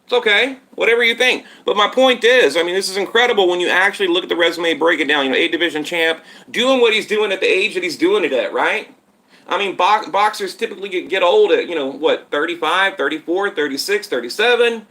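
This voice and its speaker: A man hosts a casual boxing live stream from home, talking straight to his viewers and wandering between points as he reads their comments. His voice sits high and cuts through with a bright, tense edge. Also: animated, brisk. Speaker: boxing channel host. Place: home setup in Texas. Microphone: tablet on live stream.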